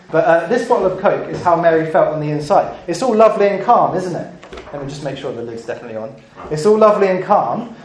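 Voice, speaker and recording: A man's voice: a little high, a little mellow. A man giving an interactive children's talk in church, playful and coaxing the congregation to join in. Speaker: preacher. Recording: echoey church room.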